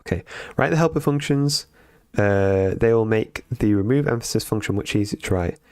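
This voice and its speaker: A man on a live stream reading programming lessons aloud and thinking out loud as he codes, with frequent ums and restarts. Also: on the low side, normal speed, clean tone, no echo, clean studio sound. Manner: thinks aloud with many fillers and self-corrections. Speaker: streamer learning to code.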